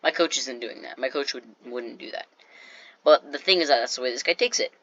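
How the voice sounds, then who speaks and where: A teenage boy chats to his viewers in a bright, sharp voice that sits close and dry. He rambles, fills gaps with "like" and restarts his sentences often. The recording is a little dull and lo-fi. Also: medium pitch, a little fast, dry recording. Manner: rambling, talks straight to viewers with many "like"s and restarts. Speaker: vlogger. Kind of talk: casual storytelling to camera.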